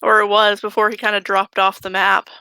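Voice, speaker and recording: A woman's voice: medium pitch, monotone, a little fast, creaky, bright, forceful tone, clean tone, no echo, low-quality recording. A woman playing a tabletop role-playing game, speaking bluntly with frequent swearing. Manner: blunt and profane. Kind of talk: casual tabletop role-play chat.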